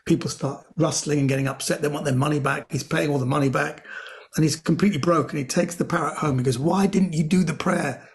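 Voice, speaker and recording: A middle-aged man, a comedian guest, chatting casually and telling jokes with animated delivery and quick character voices. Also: a little high, gravelly. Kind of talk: casual storytelling chat.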